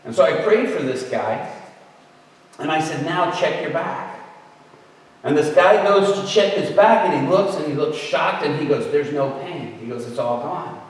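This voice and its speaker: A man's voice: on the high side, animated, moderate pace. A man telling a story as a guest preacher, conversational and acting out the people he quotes. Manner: conversational, acts out quoted voices. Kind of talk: storytelling sermon. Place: large hall at a church camp event. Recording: echoey hall from far off.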